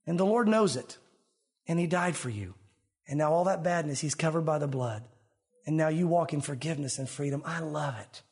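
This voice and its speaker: A male pastor preaching a sermon in an animated way, swinging between emphatic and hushed delivery. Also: a little high, a little fast, breathy edge.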